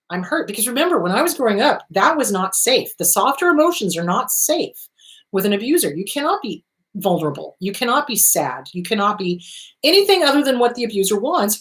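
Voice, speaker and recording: Blunt woman counselor with higher voice. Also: fairly quick. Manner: blunt, emphatic, lively coaching tone. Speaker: counselor and show host. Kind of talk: direct advice monologue.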